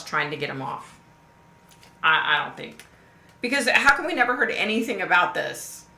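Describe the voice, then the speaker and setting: A woman's voice: fairly low pitch, creaky, bright, forceful tone. A woman hosting a casual live stream, reading out viewer comments and answering them bluntly, swearing freely. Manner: blunt, swears freely, repeats questions for emphasis. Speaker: livestream host. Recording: echoey room with faint background noise.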